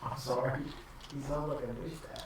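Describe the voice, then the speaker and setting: Very low-voiced blunt woman player. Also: steady tone, a little fast. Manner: blunt, mocking. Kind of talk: casual chat during a tabletop game. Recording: distant echoey room with loud noise.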